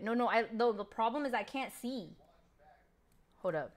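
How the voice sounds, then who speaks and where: A woman's voice: a little high, animated, moderate pace, pauses often. A woman streamer in casual livestream chat, chatty and self-deprecating as she answers her viewers.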